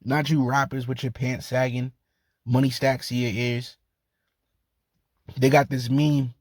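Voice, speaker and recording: Measured and flat in delivery, this medium-pitched man is recorded with no echo. His Bible teaching is casual and slangy, like street talk, with frequent laughter and a habit of repeating "man" at the end of his sentences.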